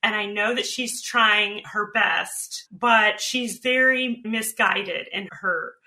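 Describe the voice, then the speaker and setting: A middle-aged woman talking as a podcast guest, candid and animated, telling stories about her life and family. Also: mid-range voice, takes it slowly. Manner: candid, animated storyteller, swears casually. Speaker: podcast guest, author and speaker. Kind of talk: casual interview talk.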